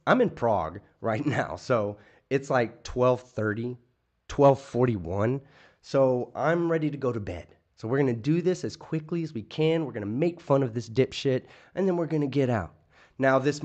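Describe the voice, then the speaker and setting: A male streamer talking loosely into his mic late at night. He slides from easygoing chatter into profane, heated rants. His pitch sits in the middle of the range. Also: darkish tone. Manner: casual, profane, ranting. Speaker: streamer host. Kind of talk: late-night livestream commentary.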